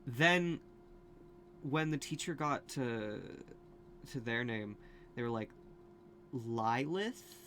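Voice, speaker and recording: A man chatting casually as a video host, at a middle pitch. He rambles through asides and restarts, peppering his talk with fillers, with a faint hiss behind him. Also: lively intonation, slow pace, pauses often, bright, forceful tone.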